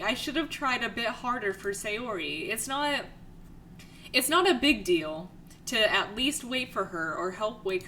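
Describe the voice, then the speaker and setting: A woman's voice: medium pitch, sharp tone, a little hiss or hum, poor audio. A young woman hosting a let's play, reading the game's text aloud between her own reactions.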